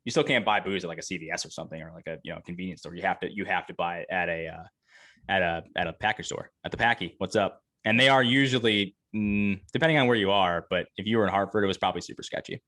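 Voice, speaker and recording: Fast-talking man co-host. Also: low-pitched, bright, forceful tone. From Connecticut, Northeast US. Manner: quick, emphatic, joking. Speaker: podcast co-host. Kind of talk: casual chat.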